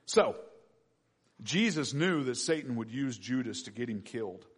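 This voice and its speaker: A man preaching a sermon with emphatic delivery and sudden loud peaks. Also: mid-range voice, sing-song, normal speed, breathy edge. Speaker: pastor.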